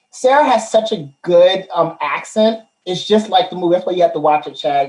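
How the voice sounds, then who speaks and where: A man hosting a live-streamed comedy chat show, loud, profane and excitable. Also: sits high. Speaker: host. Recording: roomy echo.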